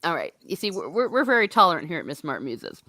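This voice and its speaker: A woman's voice: low voice, wildly swooping pitch, quick pace, sharp tone, no echo. A woman hosting a casual book discussion livestream, chatty and laughing at herself. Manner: chatty, laughing, self-mocking. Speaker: host.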